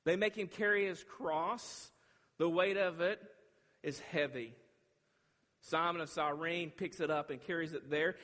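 A man preaching a sermon, dramatic, swinging from loud declaring to hushed, quiet lines. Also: on the high side, measured pace. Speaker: pastor. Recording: long hall reverb.

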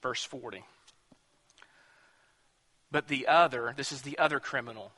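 Preacher with a bright, ringing voice. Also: male voice, medium pitch, unhurried. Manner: dramatic, swings from hushed to loud emphatic bursts. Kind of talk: sermon. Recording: long hall reverb.

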